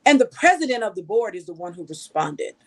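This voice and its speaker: A woman's voice: medium pitch, sing-song, a little fast. A woman journalist giving outspoken, scolding news commentary full of rhetorical questions.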